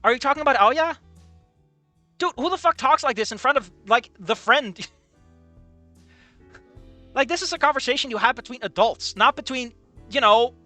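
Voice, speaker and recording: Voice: high voice, moderate pace, pauses often, pushed and bright, faint music behind. A streamer giving sarcastic, incredulous commentary on a visual novel and swearing freely. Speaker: let's play streamer.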